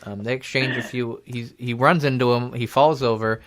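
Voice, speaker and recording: A man's voice: mid-range voice, steady tone, moderate pace, fairly bright tone. A young man hosts a loose, joking talk show at a college radio station. He rambles on, spinning silly made-up stories in a medium voice. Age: young adult. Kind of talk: casual comedic chat.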